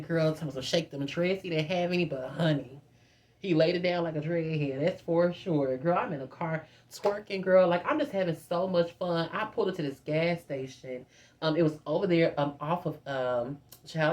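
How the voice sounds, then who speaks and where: A woman in her twenties telling a storytime in a chatty, animated way, constantly addressing her viewers as "girl.". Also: deep voice. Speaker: vlogger. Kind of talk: casual storytime.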